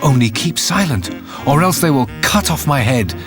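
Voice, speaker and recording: A man voicing a rich, fiery-tempered innkeeper who talks loud and flustered, with faint music behind. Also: on the high side, lively intonation, moderate pace, pitched above the performer's own voice, close to an everyday voice. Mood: pleading.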